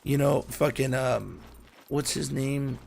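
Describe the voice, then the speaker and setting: Gravelly, rambling man chatting casually. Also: medium pitch, fairly even intonation, takes it slowly, darkish tone, slight background noise. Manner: rambling, swears freely, laughs often. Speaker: gamer chatting with a friend. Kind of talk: casual chat.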